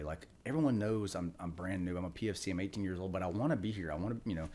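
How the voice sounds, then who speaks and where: A man's voice: low voice, racing, darkish tone. A man in his forties, a retired Marine guest on a podcast, telling stories in a rambling, casual way full of asides. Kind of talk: casual storytelling chat.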